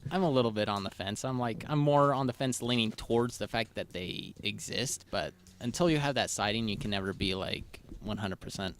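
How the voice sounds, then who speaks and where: A man's voice: lowish voice, a little fast, hardly any pauses, slight background noise. A man co-hosting a podcast in casual, rambling, playful chat. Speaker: podcast co-host.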